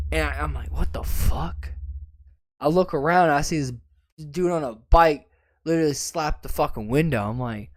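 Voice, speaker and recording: High-voiced rambling man telling stories. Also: slight background noise. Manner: rambling, repeats words, profane. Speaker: podcast co-host. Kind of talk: casual drunken storytelling.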